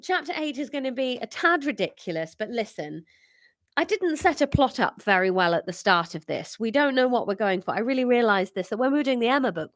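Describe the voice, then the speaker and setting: A woman's voice: fairly high pitch, no room sound, studio quality. A woman in her thirties with a congested, nasal voice chats casually on a live stream and reads her own story aloud, with self-mocking asides and lots of fillers. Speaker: comedian host reading her own story.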